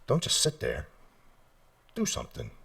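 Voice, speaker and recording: A man, a dog trainer, talking casually and animatedly in a podcast interview, often acting out owners and dogs in high mock voices. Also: wildly swooping pitch, moderate pace, gravelly, fairly bright tone, distant mic.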